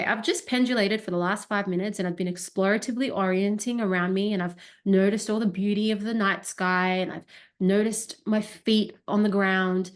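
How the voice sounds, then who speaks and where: A woman of middle pitch speaks as a wellness coach. She teaches with a demonstrative manner and talks her body sensations through aloud as she explains. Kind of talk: educational talk.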